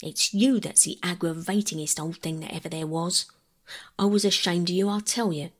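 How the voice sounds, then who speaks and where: Woman doing scolding old wife, brisk rough dialect, breathy. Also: on the low side, fairly even intonation, close to an everyday voice. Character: tart, scolding working-class wife.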